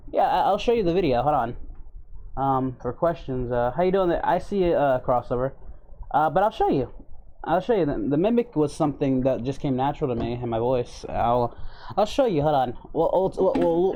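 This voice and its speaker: A man's voice: on the high side, dark tone, a little hiss or hum. Laid-back man chatting on a livestream. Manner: laid-back, rambling, greets chat by name. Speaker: livestreamer and voice impressionist. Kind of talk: casual livestream chat.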